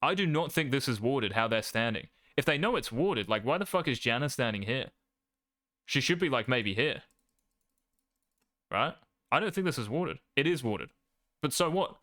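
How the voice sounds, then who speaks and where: A man's voice: mid-range voice, animated, moderate pace, long pauses, bright, forceful tone, dry recording, clean studio sound. A young adult man, casually coaching gameplay, brash and cocky, swearing freely.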